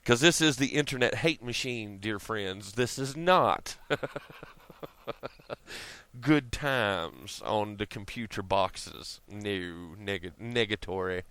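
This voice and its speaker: A man rambling through a profane vlog rant and chuckling at his own jokes. His voice is bright and sharp, with a smooth, clear tone. The sound is close and dry, with no room echo. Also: fairly low pitch, lively intonation, slow. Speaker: vlogger.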